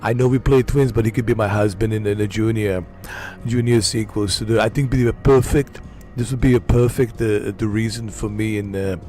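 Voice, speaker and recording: A man's voice: lowish voice, steady tone, a little fast, hardly any pauses, mellow, soft background music, natural voice. A man doing an impression of a boastful, aging male action-star bodybuilder, in a rambling, self-mocking way. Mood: playful boasting.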